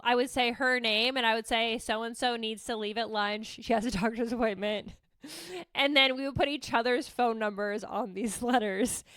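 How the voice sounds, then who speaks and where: A woman's voice: high-pitched, sharp tone, clean tone, no room sound. A woman in her thirties hosting a podcast, telling a personal story in a candid, casual way, swearing freely and laughing as she goes. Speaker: podcast host.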